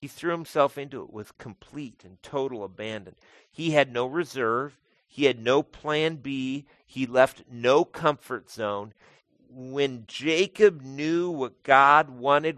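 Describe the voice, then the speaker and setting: A man preaching a sermon in a conversational way, calling his listeners folks and swinging between loud emphatic lines and quiet asides. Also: mid-range voice, unhurried, no room sound. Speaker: pastor.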